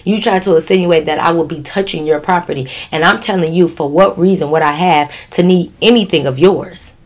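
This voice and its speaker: A woman vlogger telling a story in a casual storytime, blunt, profane and animated. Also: lowish voice, fairly quick.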